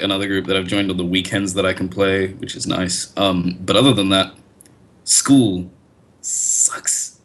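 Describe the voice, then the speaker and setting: A man's voice: low-pitched, gravelly, a bit bright, slightly rough. A young man, chatting casually as a player, laid-back and hesitant with lots of fillers. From Australia. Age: late teens. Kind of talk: casual chat.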